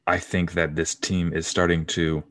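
A man co-hosting a sports podcast, talking in a relaxed, casual way. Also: low voice, moderate pace, no room sound, clean studio sound. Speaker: podcast co-host.

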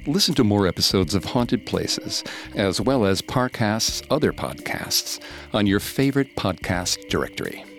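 A man, a podcast host, reading scripted horror narration in a slow, hushed, suspenseful way. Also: on the low side, big pitch swings. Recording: studio narration over faint music.

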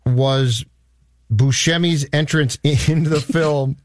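A man co-hosting a movie podcast who builds his argument with film examples, pausing on a few halting restarts. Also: fairly high pitch, fairly even intonation, no room sound, studio quality. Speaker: podcast co-host.

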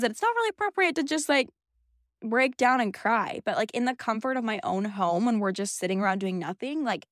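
With a mid-range voice captured at studio quality and no echo, a young woman shares a personal story on her podcast, recorded in a small closet. She is candid and emotional and tosses in quick asides.

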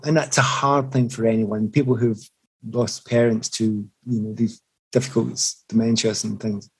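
A man's voice: medium pitch, gravelly, breathy edge, low-quality recording. A middle-aged man, a former footballer, telling reflective stories in an interview. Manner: reflective, animated anecdotes with restarts. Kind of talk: storytelling in an interview.

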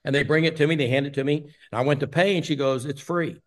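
A man's voice: a little high, steady tone, fast. Older man telling a rambling story. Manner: rambling storyteller with many fillers. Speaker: guest interviewee. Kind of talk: casual storytelling interview.

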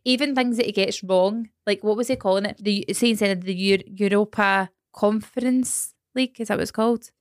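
A Scottish woman in her thirties chatting on a podcast, telling animated stories with quick asides and the odd swear. Her voice sits at a middling pitch and is recorded close and dry, with no room sound around it. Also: no room sound. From Scotland. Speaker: podcast co-host. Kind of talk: casual chat.

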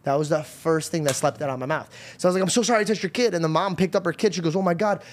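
A young man hosting a podcast, telling a story in a casual, animated way, acting out the voices of the people in it and swearing casually. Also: a little high, rapid-fire, a little hiss or hum. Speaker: podcast host.

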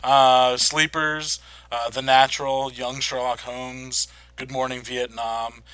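Easygoing man with a bright voice. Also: medium pitch, flat delivery, takes it slowly, clean tone, dry recording. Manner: easygoing, lists things with hesitations. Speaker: podcast co-host. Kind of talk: casual film chat.

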